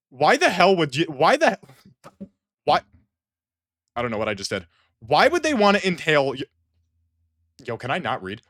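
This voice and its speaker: A man's voice: medium pitch, a bit bright, no echo, clean studio sound. A man giving comedic reaction commentary in an exasperated, rambling way, often restarting sentences. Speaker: online commentator.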